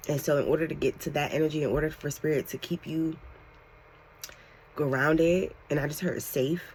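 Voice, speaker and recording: A woman giving a channeled tarot reading to her viewers, excitable and animated, talking casually with lots of slang and "like". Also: deep voice, normal speed, slight background noise. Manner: excitable, animated, fills talk with "like". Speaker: tarot reader.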